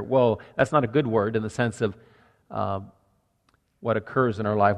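A man's voice: medium pitch, steady tone, moderate pace, long reverb tail, highs cut off. A man preaching a sermon as pastor, earnest and conversational, working through numbered points.

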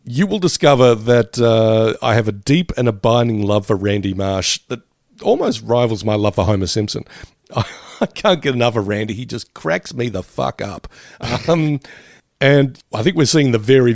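A man's voice: mid-range voice, moderate pace, vocal fry, darkish tone, no echo, clean studio sound. A man co-hosting a podcast in casual chat, laughing often and swearing freely. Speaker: podcast co-host.

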